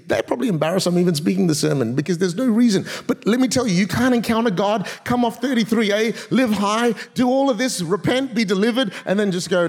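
A man preaching a sermon as a guest preacher, with humorous, energetic storytelling and quick asides, in a large church auditorium. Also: sits high. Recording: long reverb of a large hall.

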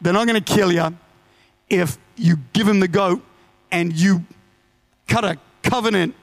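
A man's voice: sits high, measured pace, low-quality recording. A man voicing a worried male translator bargaining with a tribal chief in a sermon story. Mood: urgent. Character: male tour translator, anxious negotiator.

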